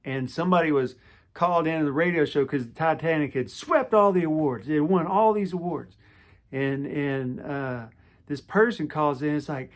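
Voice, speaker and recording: A man's voice: a little high, moderate pace. A man in his forties telling a personal story to camera, casual and rambling, with lots of restarts and fillers.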